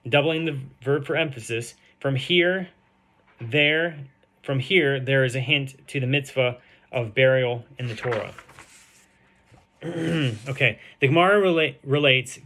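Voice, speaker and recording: A man reading a translated Talmud page aloud and explaining it, slowing down to sound out the Hebrew and Aramaic terms, with frequent ums and uhs. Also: mid-range voice, pushed and bright. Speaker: Talmud teacher.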